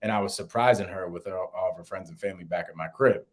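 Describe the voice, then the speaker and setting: A young man, co-host of a podcast, telling a story in casual chat and acting out quotes in a higher voice. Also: fast. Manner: animated, acts out quotes in a higher voice.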